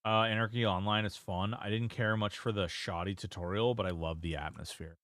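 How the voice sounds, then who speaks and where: A man's voice: fairly low pitch, fairly even intonation, a little fast, a bit bright, no room sound, clean studio sound. A man streaming a game, chatting casually, reading chat aloud and swearing now and then. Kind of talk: casual gameplay commentary.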